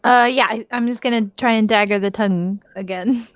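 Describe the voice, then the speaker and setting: A woman's voice: a little high, fairly even intonation, brisk, no echo. A woman playing in a tabletop game who talks hesitantly, with fillers and self-mocking remarks. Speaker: player.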